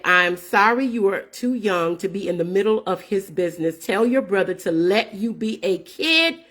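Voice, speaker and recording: Hosting her own show, a woman in her fifties speaks in a medium-pitched, somewhat bright voice. Earnest yet casual, she addresses viewers as y'all while telling them a story and reading messages aloud.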